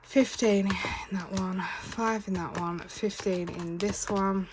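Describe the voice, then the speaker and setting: A British woman chats her way through a casual home vlog, counting notes aloud and cheerfully correcting her sums. Her voice sits in a middle pitch. Clicks and background noise are clearly heard under the recording. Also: fairly even intonation, slow pace. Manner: chatty, counts money aloud, corrects herself. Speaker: budgeting vlogger. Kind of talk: casual chatty vlog narration.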